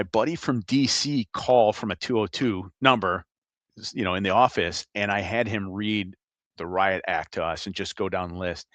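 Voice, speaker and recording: A middle-aged man, a retired agent, telling animated, laughing anecdotes as a guest in a casual interview. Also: lowish voice, normal speed, dry recording.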